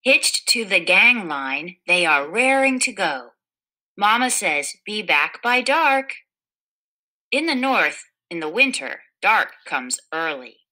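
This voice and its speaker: Woman reading a children's story aloud, unhurried, bright clear tone, gentle storytelling. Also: lowish voice, big pitch swings, low-quality recording. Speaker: storybook reader. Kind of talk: children's picture book read-aloud.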